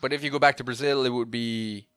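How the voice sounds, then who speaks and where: Bright animated storytelling man. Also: medium pitch, quick pace, clear, resonant tone, no echo, clean studio sound. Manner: animated storytelling with quoted voices. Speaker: podcast co-host. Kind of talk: casual chat.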